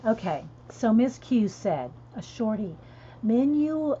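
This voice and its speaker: A woman's voice: a little high, big pitch swings, slow pace, mellow, slight background noise. A woman chatting casually on a livestream, laughing often and answering viewers. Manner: chatty, laughing, reads chat aloud. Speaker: coloring livestream host. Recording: dull lo-fi stream audio.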